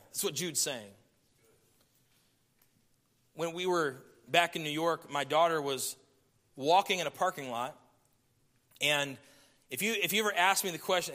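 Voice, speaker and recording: A middle-aged man preaching a sermon, swinging from loud emphasis down to hushed, intimate tones. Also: on the high side.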